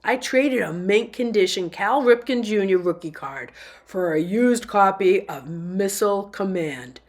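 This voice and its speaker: Woman doing a happy-go-lucky young guy turned wistful, lowered voice, slow storybook reading. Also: expressive, natural voice. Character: easygoing young man, nostalgic and regretful.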